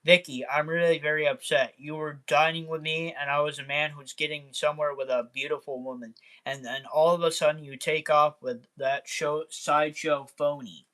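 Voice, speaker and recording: A man's voice: fairly high pitch, little pitch movement, moderate pace, hardly any pauses, pushed and bright. A man reading aloud as a menacing male clown villain from a comic book, in a sly, taunting, mock-theatrical way.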